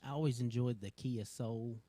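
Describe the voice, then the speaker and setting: A man in a casual chat, slowly recalling a favorite commercial. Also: mid-range voice, mellow.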